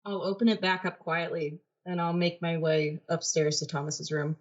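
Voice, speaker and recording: A woman plays her character in a tabletop game, saying what she does in a quiet, matter-of-fact way. Her voice is on the low side for a woman. Her mic sounds dull and lo-fi. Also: little pitch movement, moderate pace. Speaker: player. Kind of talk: tabletop role-play.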